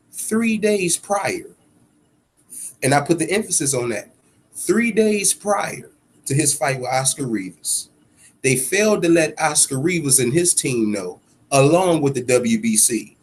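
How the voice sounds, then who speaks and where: Fired-up man ranting on his podcast. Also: slightly rough. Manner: heated, profane ranting with sudden swells in pitch and loudness; repeats himself for emphasis. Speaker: boxing podcast host. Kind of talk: solo podcast commentary.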